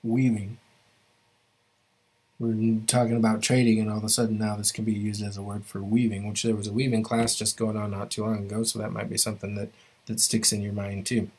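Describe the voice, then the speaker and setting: A man with a fairly low voice leads an online language lesson through his computer mic. He talks in a loose, unhurried way, full of fillers and restarts as he shares his screen. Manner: relaxed, many fillers and restarts. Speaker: language teacher. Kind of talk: online class lecture.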